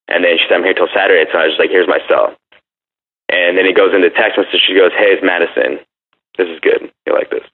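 A man's voice: sits low, steady tone, fast, vocal fry. A man in casual chat, telling a brash dating story and acting out text messages. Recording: phone-like narrow sound.

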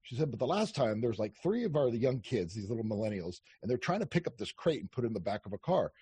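Animated, husky-voiced man telling stories. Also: mid-range voice, fast, no echo. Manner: animated storyteller, acts out quotes, swears freely. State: on day four of a fast. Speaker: podcast guest, dating coach. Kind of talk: casual chat.

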